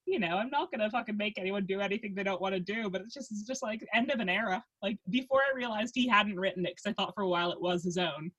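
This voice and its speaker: A woman co-hosting a laid-back podcast, chatting casually and giggling often. She tells long, rambling stories full of restarts and asides, at a middling pitch. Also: fast talker, few pauses, fairly bright tone, husky, muffled recording. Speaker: podcast co-host. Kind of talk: casual chat.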